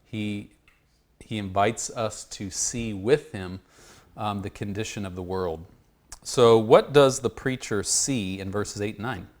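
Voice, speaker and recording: A man teaching a Bible study group, talking haltingly and repeating words as he works through a passage and draws answers from the class. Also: fairly low pitch.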